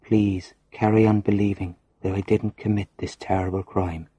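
A man's voice: fairly low pitch, flat delivery, moderate pace, dark tone, slightly rough. A man reading a farewell letter as a condemned male prisoner, grave and resigned.

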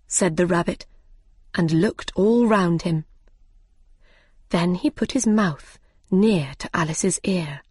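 A woman narrating a storybook in a clear, deliberate, expressive way. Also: fairly low pitch, no room sound, clean studio sound. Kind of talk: slow graded storybook reading.

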